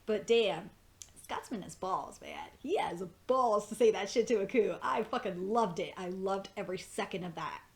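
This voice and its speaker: An excitable woman talking straight through a fan review of a TV episode in a mid-range voice. She gushes, swears freely and laughs often. When she gets worked up, her voice leaps sharply upward. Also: medium pitch, normal speed. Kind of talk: casual fan review commentary.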